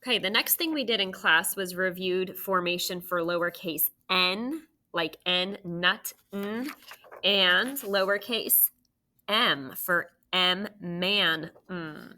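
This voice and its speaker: A woman's voice: lowish voice, takes it slowly, bright, forceful tone. A woman teacher giving a recorded phonics lesson to young children, patiently sounding out syllables and asking questions.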